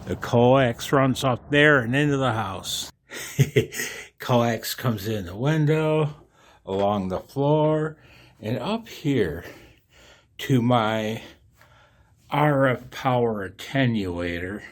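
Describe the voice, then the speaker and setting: Chuckling, folksy man, slow and easy. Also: medium pitch. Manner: chuckling, folksy, talks straight to viewers. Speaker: amateur radio vlogger. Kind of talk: casual rambling vlog chat. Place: home and yard.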